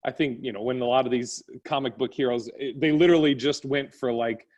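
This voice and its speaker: A man's voice: mid-range voice, fairly even intonation, brisk, a little mellow. A man, a stand-up comedian guest, telling childhood stories in casual chat over a video call, laughing often and acting out voices.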